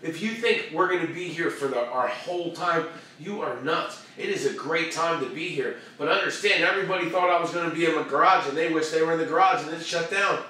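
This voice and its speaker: A man hosting his own show, giving an animated motivational rant full of street slang and repeated phrases. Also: fairly high pitch, fairly quick, distant mic, a little hiss or hum. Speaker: show host. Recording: very echoey room, voice off-mic, faint ambience.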